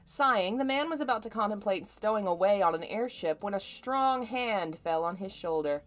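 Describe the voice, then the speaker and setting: A woman's voice: mid-range voice, animated, normal speed. A woman streaming a live reading of fan fiction, amused, often breaking off with laughter and side comments. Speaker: fanfiction reader.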